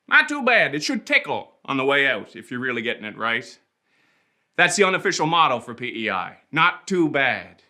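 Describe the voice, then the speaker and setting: A man's voice: fairly high pitch, sharp tone. A man with a Prince Edward Island accent, delivering a playful, rhythmic comic spoken-word monologue. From Prince Edward Island, Canada.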